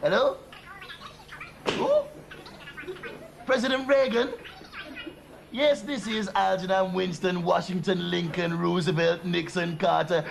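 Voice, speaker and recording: Gravelly brash man on a phone gag. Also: sits high, noisy background. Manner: brash, cheeky, boastful. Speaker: comedy presenter doing a prank phone call sketch. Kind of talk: comic monologue on a phone call.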